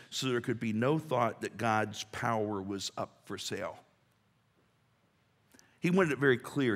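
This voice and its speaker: A man's voice: mid-range voice, a bit bright. Man preaching in a reverberant church. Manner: conversational, rising to emphatic rhetorical questions. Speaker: pastor. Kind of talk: sermon. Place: church sanctuary. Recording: long hall reverb.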